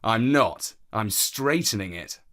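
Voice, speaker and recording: Self-assured uncle, ex-forces, cool and easy, slow delivery, a narrator doing him. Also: male voice, fairly low pitch, lively intonation, fairly bright tone. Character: adult man, confident ex-soldier uncle.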